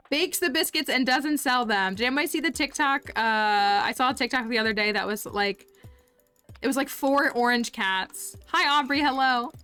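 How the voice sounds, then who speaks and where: Casual woman game streamer, bright smooth voice, chatty and giggly, faint music underneath. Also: high-pitched, normal speed. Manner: chatty, giggly, thanks viewers. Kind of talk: casual live-stream chat while gaming.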